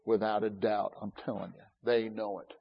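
A middle-aged man preaching a sermon, talking with feeling and building to loud, fervent peaks. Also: lowish voice, little pitch movement, moderate pace, creaky, husky, lo-fi sound.

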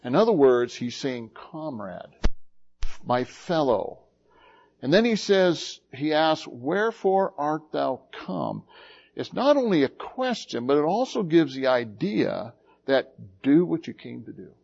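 A man preaching a sermon in a deliberate way, dropping to a hush and then rising with emphasis. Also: fairly high pitch, sing-song, vocal fry, husky, dull audio. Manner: slow, deliberate preaching that swings from hushed to emphatic. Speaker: pastor.

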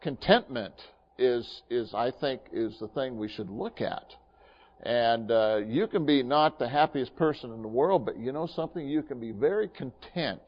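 A man's voice: mid-range voice, muffled recording. A man preaching a sermon in a folksy, storytelling way, with many fillers and restarts. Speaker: pastor.

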